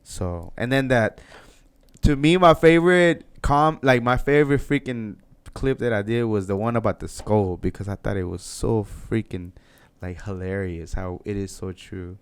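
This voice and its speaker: Podcast host, male, smooth resonant voice, loose rambling casual chat, encouraging. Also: on the low side, moderate pace. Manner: rambling, encouraging, restarts often.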